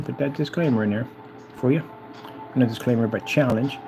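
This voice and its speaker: A man talking casually and repetitively, hyping himself up while reading instructions aloud haltingly. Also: mid-range voice, vocal fry, a little mellow, soft background music, rough recording. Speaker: DIY projector screen vlogger. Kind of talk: casual self-recorded commentary.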